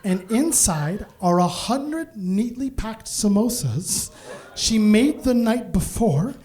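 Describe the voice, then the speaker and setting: A man from Canada tells a long comic story on a club stage, animated and quick to laugh through his punchlines. His voice sits high for a man. He speaks into a handheld stage mic. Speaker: stand-up comedian. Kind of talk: stand-up storytelling.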